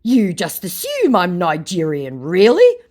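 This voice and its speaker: A woman's voice: on the low side, huge pitch swings, a little slow, a little mellow, voice pushed up, heavily acted. A woman voicing an indignant male online scammer who answers in a haughty, dismissive way.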